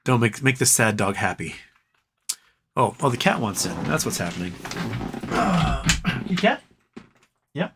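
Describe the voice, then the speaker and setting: A man's voice: fairly low pitch, animated, moderate pace, background noise. A man hosting a casual livestream, reading viewer comments aloud and riffing on them in a loose, joking, profane way. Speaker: livestream host.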